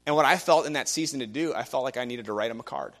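A young man preaches with animated energy, carrying his stories along and slipping into the voices of the people in them. His pitch sits in an ordinary middle range for a man. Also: rapid-fire. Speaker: guest preacher. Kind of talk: sermon.

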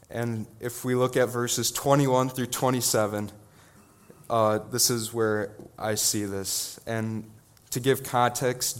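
Earnest teenage boy preaching, low smooth voice. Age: teens. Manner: earnest, halting, many restarts. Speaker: student preacher. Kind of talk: sermon.

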